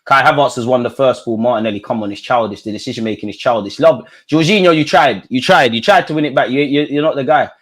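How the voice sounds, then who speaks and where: Excitable young football streamer. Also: male voice, fast talker, few pauses. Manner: shouts at players and ref, swings from mutters to high yells. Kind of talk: live match reaction commentary.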